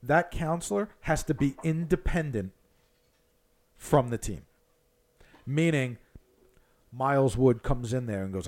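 A man co-hosting a casual sports chat, an animated, profane coach who rants. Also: mid-range voice, moderate pace, pauses often. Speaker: podcast co-host, hockey coach.

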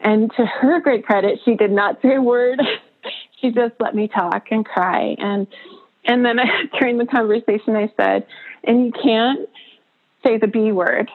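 A woman, a birth photographer, tells her personal story in an interview, halting and emotional, laughing often between phrases. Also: fairly high pitch, steady tone. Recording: tinny phone-line sound.

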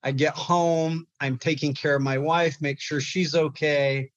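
Young male guest, halting emotional storytelling, dry close lo-fi sound. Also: a little high, fairly even intonation, no room sound. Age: young adult. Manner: halting, repeats words when upset. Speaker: guest, clinical therapist.

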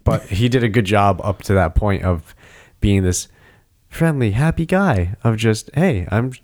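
Low-voiced man rambling about movies. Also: expressive, measured pace, a little mellow. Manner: rambling, restarts sentences, acts out quotes. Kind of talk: casual movie review chat.

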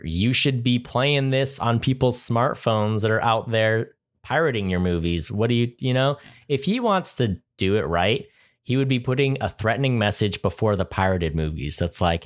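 A man's voice: fairly low pitch, moderate pace. A young man co-hosting a podcast, chatting casually and joking with frequent laughs. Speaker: podcast co-host. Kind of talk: casual chat.

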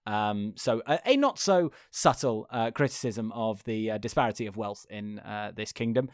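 A man's voice: fairly low pitch, expressive, normal speed, no echo, studio quality. A man co-hosting a podcast, recapping a film in a rambling, casual way full of fillers. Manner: rambling, filler-heavy storytelling with laughs. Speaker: podcast co-host.

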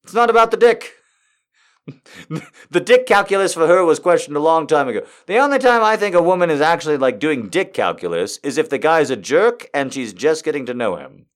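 A man reading a story aloud in a hushed voice and breaking off for rambling, laughing comic commentary. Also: fairly high pitch, big pitch swings, fairly quick. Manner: rambling, laughs a lot, mock-exasperated. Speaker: reader and commentator.

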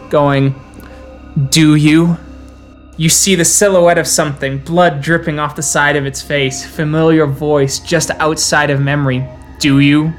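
A man narrating as storyteller of a tabletop game, dramatic and slowing down for eerie scenes. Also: on the high side.

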